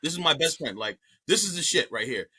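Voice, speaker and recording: A comedian telling a story on a podcast in an animated way, swearing freely and repeating himself. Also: male voice, fairly high pitch, brisk, a little hiss or hum. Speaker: comedian guest.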